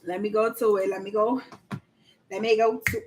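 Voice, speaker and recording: A woman's voice: mid-range voice, steady tone, moderate pace, background noise. A woman hosting a casual livestream, chatty and slangy, quizzing viewers and reading their chat aloud. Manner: laughs often, slangy, addresses audience as y'all. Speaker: livestream host coaching on government contracts.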